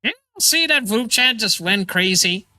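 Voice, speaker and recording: A man's voice: high voice, animated, a little slow, sharp tone, no room sound, faint music behind. A man hosting a casual livestream chat, enthusiastic and laughing often. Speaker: livestream host.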